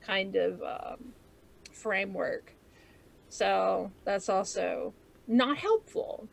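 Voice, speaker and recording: A woman's voice: medium pitch, expressive, very slow, vocal fry. A woman co-hosting a casual podcast chat, candid and self-mocking, laughing often as she talks. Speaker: podcast co-host.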